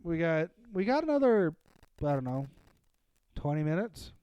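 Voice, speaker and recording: A man's voice: fairly high pitch, sing-song, normal speed, warm tone, clean tone, no echo, highs cut off. A man co-hosting a casual podcast, talking emphatically and ranting with plenty of swearing. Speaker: podcast co-host. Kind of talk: casual chat.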